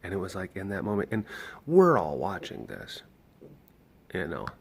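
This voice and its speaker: A young man with a somewhat low voice talks through updates in a loose, rambling vlog manner. He restarts sentences often and leans on fillers as he explains things to his viewers. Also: wildly swooping pitch, moderate pace, vocal fry, husky. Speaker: animal sanctuary caretaker. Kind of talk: casual vlog talk.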